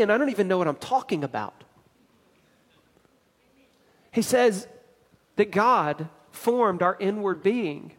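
A man preaching a sermon as pastor, emphatic and building to louder climaxes. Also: sits high, animated, takes it slowly, long pauses, in a large hall.

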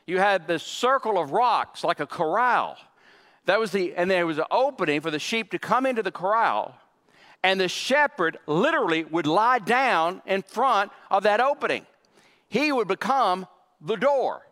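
A man preaching a sermon as pastor, emphatic, with dramatic pauses and dry joking asides. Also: high voice, animated, a bit bright. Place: church sanctuary. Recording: long reverb of a large hall.

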